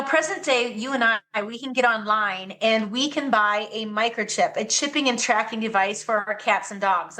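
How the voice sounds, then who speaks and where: A woman's voice: fairly high pitch, sharp tone. A woman guest on a podcast interview, speaking earnestly and with conviction about her advocacy work. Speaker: guest, anti-trafficking advocate.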